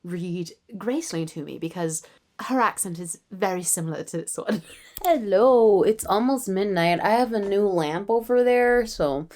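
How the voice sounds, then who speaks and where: A woman's voice: medium pitch, expressive, measured pace, darkish tone. A young Canadian woman in her twenties talks late at night for a writing vlog. She sounds tired and chats casually in a self-mocking way, often sinking into a near-whisper. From Toronto, Canada. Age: 20s. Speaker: writer and vlogger.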